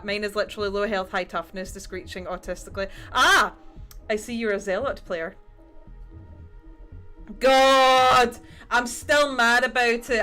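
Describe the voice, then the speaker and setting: A woman's voice: a little high, a bit bright. A middle-aged woman, rambling in a casual chat while she paints on a livestream and swearing freely. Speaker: streamer.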